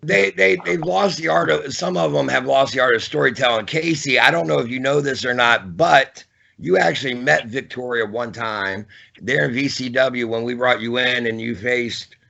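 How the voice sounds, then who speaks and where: Man, podcast co-host, gravelly and husky, slightly dull lo-fi audio, enthusiastic, stumbling restarts. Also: mid-range voice, moderate pace, sharp tone. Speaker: podcast co-host and wrestling referee. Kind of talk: casual podcast chat.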